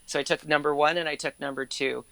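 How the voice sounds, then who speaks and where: A man's voice: fairly high pitch, level tone, quick pace, vocal fry, fairly bright tone. A man in his thirties, a guest on an interview show, telling stories in a chatty, casual way with lots of "like" and easy swearing. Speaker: interview guest, actor and former court reporter. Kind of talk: casual conversational storytelling.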